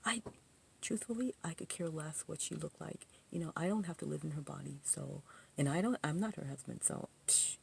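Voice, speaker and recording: Gravelly woman telling a rambling story. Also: low voice, brisk, a little hiss or hum. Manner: rambling, full of "you know" asides and restarts; indignant, animated retelling. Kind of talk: casual personal storytelling.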